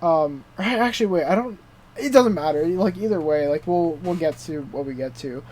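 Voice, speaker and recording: A young adult man co-hosting a podcast, excitedly recapping a TV show in casual chat, full of swearing and "dude" and "like" fillers. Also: on the high side, fairly quick. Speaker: podcast co-host.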